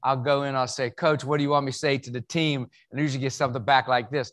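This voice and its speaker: This West Virginia man, Southern accent and all, tells jokes like a folksy storyteller during a funny motivational keynote in an event hall. He talks quickly with few pauses, his medium pitch barely moving, and his tone a bit bright.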